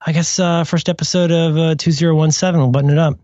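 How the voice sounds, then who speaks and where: A man's voice: fairly high pitch, little pitch movement, fast, a little mellow, no room sound, dull audio. A man hosting a podcast, musing in casual chat with wry asides and self-corrections. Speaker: podcast host.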